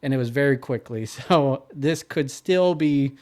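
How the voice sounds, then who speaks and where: A man's voice: mid-range voice, a little slow, a little mellow. A man co-hosting a podcast, reading through follow-up notes in casual chat with fillers. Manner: reads notes and lists, hesitant with fillers. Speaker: podcast co-host.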